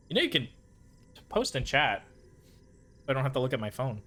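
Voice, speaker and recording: An animated man with a mid-range voice talks briskly but pauses often, his tone bright and forceful. He streams a game with casual commentary, muttering to himself to get through his frustration between bursts.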